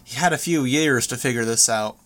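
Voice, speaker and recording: A cool, condescending young woman speaks in slow, measured lines with an air of dismissal, voiced by a man narrating an audiobook. She never raises her voice. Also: mid-range voice, fairly bright tone, lightly acted.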